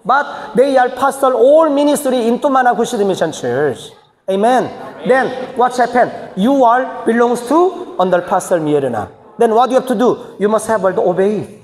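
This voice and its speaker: In a hall full of echo, a male senior pastor delivers a teaching sermon to church leaders. His very high voice is animated and moderately paced, and his choppy, emphatic delivery rises into bursts.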